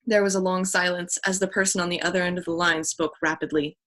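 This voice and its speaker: A woman's voice: on the low side, flat delivery, quick pace, a bit bright. A woman reads a children's mystery novel aloud. She now and then stumbles and restarts a phrase. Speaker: audiobook reader.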